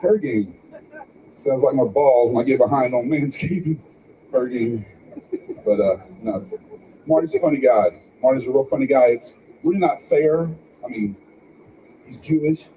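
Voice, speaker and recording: An older man doing stand-up comedy, telling wry stories with quick asides in a small club. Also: medium pitch, warm tone, slight background noise, poor audio. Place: small club with a live audience.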